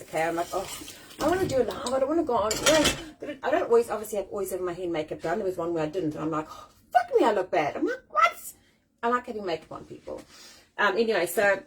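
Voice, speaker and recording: A South African woman in her forties hosting a casual live-stream chat from home, animated, self-deprecating and swearing freely. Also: medium pitch, a little hiss or hum, low-quality recording. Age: 40s. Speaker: host. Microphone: phone or webcam on a live stream.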